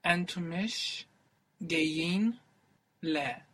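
A man's voice: on the high side, fairly quick, a bit bright. A man answering briefly as a student in a language lesson.

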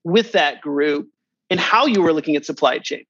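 A man's voice: fairly high pitch, moderate pace, no room sound. Eager man hosting, dry dull sound. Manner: eager, animated questioning with many restarts. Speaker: podcast host. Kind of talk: conversational interview.

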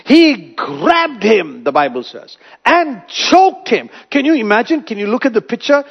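A man preaching a sermon, retelling a parable with dramatic storytelling and wide swings in loudness. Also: very high voice, very animated, measured pace, husky. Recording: dull lo-fi recording.

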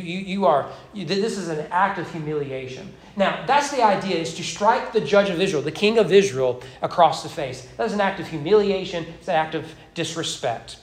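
A man preaching at an evening church service, his voice sitting a little above the usual male range. He talks conversationally, throwing in wry asides and often restarting his sentences as he works through the text. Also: on the high side. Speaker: pastor. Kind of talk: expository sermon. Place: church sanctuary during evening worship.

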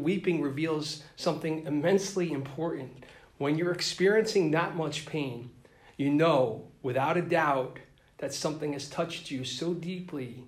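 A man's voice: on the high side, echoey room. A man reading a gospel passage aloud and then preaching an earnest, reflective homily. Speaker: priest or deacon.

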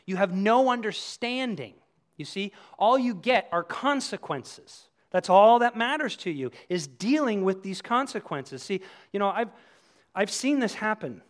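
A middle-aged man delivers a sermon as a pastor, in a slightly higher voice that ranges widely. He talks conversationally, then sinks to a hushed, quiet voice for emphasis. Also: sing-song, a little slow. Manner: conversational preaching with sudden drops to a hushed voice.

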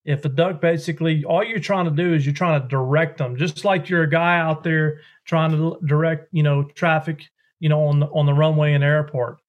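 A man's voice: on the high side, steady tone, a little fast, highs cut off. A man, a duck call maker explaining calling technique in a rambling, folksy way during a podcast interview.

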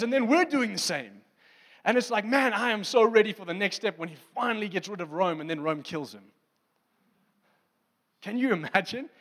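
A man preaching a sermon in a lively, conversational way, acting out the scenes he describes. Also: high-pitched, in a large hall.

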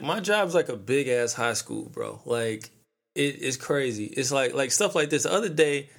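Slangy, animated man in his thirties. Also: medium pitch. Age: 30s. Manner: animated storytelling, profane, slangy. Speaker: podcast host. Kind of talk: casual ranting monologue.

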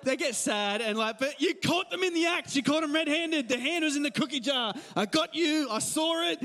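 A male pastor in his thirties with an Australian accent, giving a casual, animated sermon full of stories and laughs. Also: extremely high pitch, moderate pace, big-room sound. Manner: conversational, animated storytelling with laughs. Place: church hall.

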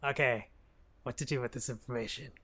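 Bright-voiced man recapping a show. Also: mid-range voice, steady tone, breathy edge. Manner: laughs often, acts out characters in quick quoted lines. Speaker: podcast co-host. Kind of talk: casual chat, recapping a TV show.

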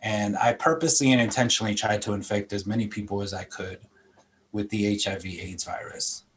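A man's voice: fairly low pitch, steady tone, brisk, a little hiss or hum. Reflective middle-aged man telling his story. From Philadelphia, US. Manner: earnest, reflective storytelling, repeats words when gathering thoughts. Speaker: interview guest sharing testimony. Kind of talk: personal testimony.

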